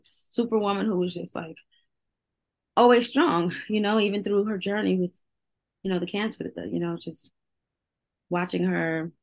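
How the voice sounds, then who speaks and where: A woman, a singer, talking candidly in an interview, open and emotional, laughing often as she speaks. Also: fairly low pitch.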